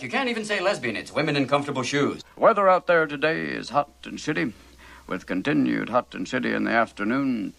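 An actor playing a manic, wisecracking male military radio DJ in a film, riffing with rapid ad-libs and sudden silly voices. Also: mid-range voice, vocal fry, fairly bright tone. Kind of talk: film radio broadcast scene.

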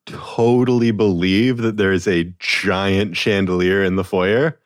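A man's voice: low voice, steady tone, a little slow, no room sound, clean studio sound. A man running a tabletop game as game master, easygoing and hesitant, often laughing.

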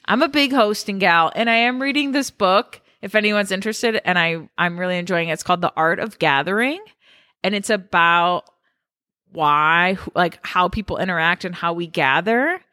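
Woman, podcast co-host, casual rambling chat, bright tone, dry sound. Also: on the low side, normal speed, no echo. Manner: chatty, rambling with fillers like "like".

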